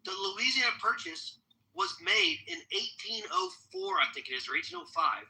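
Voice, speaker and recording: A male podcast host in a loose political chat, cursing often and circling back to his point. His voice sits high for a man and swings widely in pitch, with a bright, cutting edge. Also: wildly swooping pitch, normal speed, creaky, poor audio. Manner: profane, emphatic, rambling.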